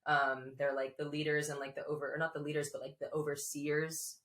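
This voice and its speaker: A woman's voice: low voice, level tone, a little fast, a bit bright. A woman guest telling a personal story in a chatty way, full of likes and restarts and frequent laughs. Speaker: podcast guest. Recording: echoey room.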